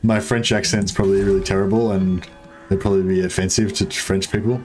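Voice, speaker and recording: A young man with a lowish voice talks his way through a strategy game on stream. He rambles, jokes and answers his viewers in a loose, offhand way, with a little swearing mixed in. Soft game music plays faintly underneath. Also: level tone, brisk. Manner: rambling, joking, chats with viewers, mild swearing. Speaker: gaming streamer. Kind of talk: casual let's-play commentary.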